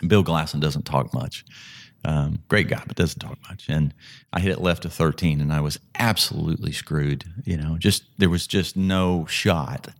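Low-voiced middle-aged man telling stories. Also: fairly even intonation, normal speed. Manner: vivid storyteller with frequent restarts. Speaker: golf analyst and guest. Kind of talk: conversational storytelling.

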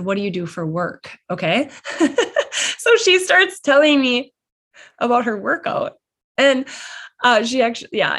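A woman in her thirties hosting a solo podcast, chatty and upbeat, laughing often and acting out quick bits of dialogue. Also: medium pitch. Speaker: podcast host. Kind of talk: casual solo podcast advice.

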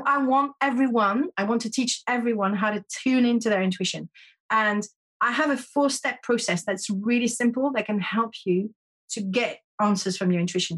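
A woman with a somewhat husky, slightly high voice speaks as a podcast guest. She explains her method earnestly and patiently, often restarting her sentences. Her first language is French. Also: fairly bright tone. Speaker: podcast guest, intuition teacher. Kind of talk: conversational interview.

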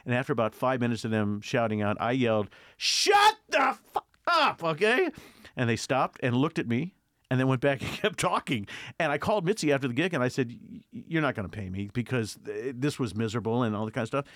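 An older male host chatting in an interview and telling animated stories about his early career. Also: mid-range voice, fast talker, no room sound, studio quality. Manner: animated storyteller, mimics voices in anecdotes. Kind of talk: casual interview chat.

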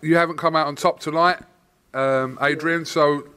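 Un homme qui mène une interview d'après-combat au bord du ring, d'un ton vif qui recadre la conversation. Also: male voice, fairly high pitch, fairly even intonation, bright, forceful tone, clean tone. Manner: brisk, steering the talk. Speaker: boxing interviewer. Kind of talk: post-fight interview.

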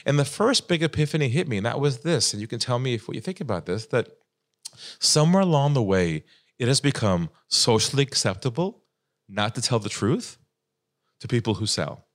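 A man telling a sales story as a podcast guest, dramatic and lively, acting out the voices of the people in it. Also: mid-range voice, a little fast. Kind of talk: animated storytelling.

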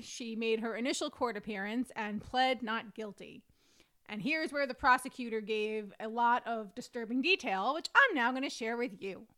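Woman co-host reading case notes. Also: fairly high pitch. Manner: steady narration of notes and quotes. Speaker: podcast co-host.

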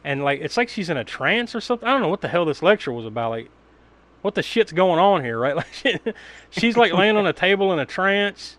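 A man recaps a film for his podcast co-hosts in a loose, rambling way. He laughs often and swears casually, and his voice sits a little higher than most men's. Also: very animated, fairly quick, fairly bright tone. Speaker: podcast co-host. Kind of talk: casual movie recap chat.

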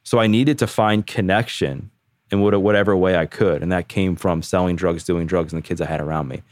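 A man in his thirties, a podcast guest, telling his own story candidly in a casual, animated way, full of "like". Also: deep voice, brisk, no echo, clean studio sound. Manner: candid, animated, heavy use of "like".

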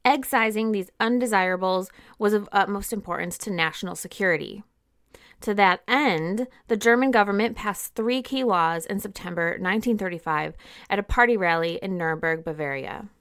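A woman's voice: mid-range voice, moderate pace, a bit bright, smooth. A woman co-hosting a history podcast, reading from her notes with casual asides. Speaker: podcast co-host.

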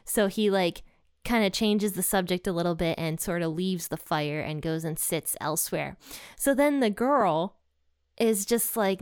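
A woman's voice: medium pitch, moderate pace, clean tone, no room sound. Woman from Ohio, casual Bible study teacher, chatty storyteller, clean dry close-mic sound. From Ohio, USA.

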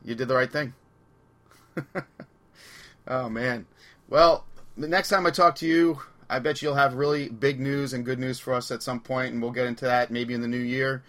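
Man, podcast host, bright tone, casual rambling storyteller, from long island. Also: medium pitch, steady tone, moderate pace. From Long Island, New York. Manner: chatty storyteller, laughs through anecdotes. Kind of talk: casual chat.

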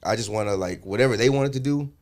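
A man's voice: on the low side, quick pace. A young man, a chef guest on a podcast, chatting casually and loosely with many fillers. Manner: laid-back, many fillers.

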